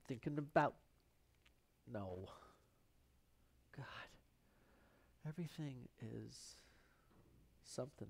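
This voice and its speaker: A man's voice: medium pitch, animated, measured pace, pauses often. A man hosting a live painting stream, thinking aloud in rambling, self-mocking asides as he works. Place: painting studio.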